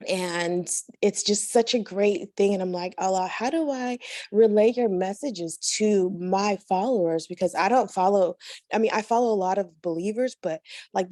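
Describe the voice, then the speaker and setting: Heartfelt woman with a gravelly voice. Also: on the low side, darkish tone, no echo. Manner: heartfelt, halting, many fillers. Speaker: study group member. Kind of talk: personal testimony on a group call. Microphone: video call.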